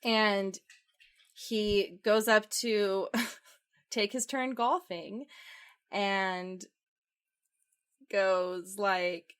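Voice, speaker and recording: A woman's voice: medium pitch, very slow, pauses often, smooth. A young woman co-hosting a podcast, casually retelling a movie plot with laughs and acted-out quotes. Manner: animated, acts out quoted lines with laughs. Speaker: podcast co-host.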